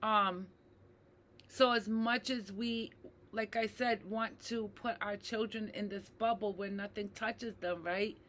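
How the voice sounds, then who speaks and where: A woman speaking to her viewers in an unhurried, deliberate way, with a clear, bright tone. She is earnest and reflective, repeating her key points and often tagging them with "right?". She calls the audience "you guys", as if talking face to face. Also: medium pitch, fairly even intonation. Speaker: mental health advocate. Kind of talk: personal talk to camera.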